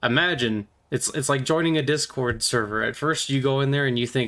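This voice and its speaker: A man's voice: mid-range voice, a little fast, fairly bright tone. A man vlogging about miniatures in a casual, playful, rambling way.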